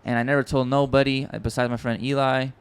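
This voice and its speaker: Male podcast host, smooth clear voice, mid pitch; excitable casual storyteller, lots of restarts. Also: fast talker. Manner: excitable, rambling, swears often, many restarts. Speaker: podcast host and music producer.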